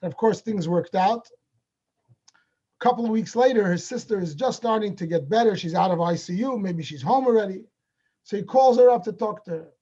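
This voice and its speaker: A man with a high voice tells a story to a religious gathering and slips into the people he quotes as he goes. He comes through a video call, and the sound is dull and lo-fi. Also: a little fast, husky. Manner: animated storyteller acting out dialogue. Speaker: speaker at a Hasidic gathering. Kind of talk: storytelling talk.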